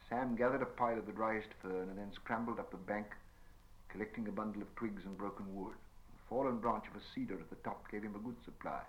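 A man reading a fantasy story aloud in measured storytelling narration. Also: lowish voice, fairly even intonation, slight background noise, rough recording. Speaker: audiobook narrator. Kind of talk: scripted narration.

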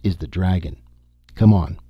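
A man reading an audiobook, voicing a steady, grim male expedition leader with a firm, commanding delivery. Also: low-pitched, measured pace, slightly rough, no room sound, highs cut off.

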